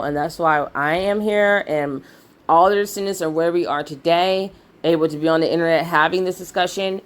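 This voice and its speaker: Blunt, heated low-voiced woman vlogger. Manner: blunt, heated, swears freely. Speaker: video commentator. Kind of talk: outspoken opinion vlog.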